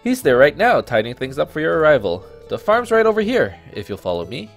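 Friendly lady carpenter from a farm game, read out by a guy, lively voice, faint music under it. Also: a little high, a little fast, creaky. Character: friendly woman village carpenter.

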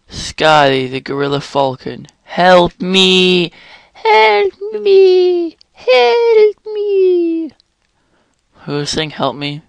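Young guy yelling and cursing through a let's play, slow talker, dry close mic. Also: a little high, dry recording. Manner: excitable, swears and exclaims often. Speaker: gaming channel host.

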